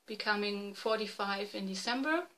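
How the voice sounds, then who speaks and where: German lady in her 40s chatting on her podcast, bright voice, stops and fixes her english a lot. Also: mid-range voice, poor audio. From East Germany. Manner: halting, self-correcting non-native English. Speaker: podcast host. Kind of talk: casual video podcast chat. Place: home room, dim light.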